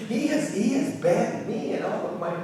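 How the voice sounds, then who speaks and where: A man's voice: high voice, lively intonation, normal speed, mellow, voice pushed up. A man voicing a frightened old female witch medium who stammers and shrieks in panic, heard from a distance in an echoey hall. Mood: wary.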